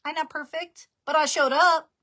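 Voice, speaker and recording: Woman, New Jersey accent, high pitch, chatty, self-deprecating, casual live-stream talk. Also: steady tone, moderate pace, sharp tone. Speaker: jewelry business guest speaker.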